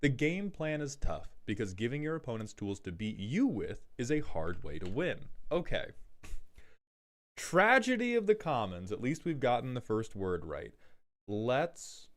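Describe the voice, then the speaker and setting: A man casually joking his way through card game deck reviews, with quick self-deprecating asides. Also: mid-range voice, big pitch swings, a little mellow.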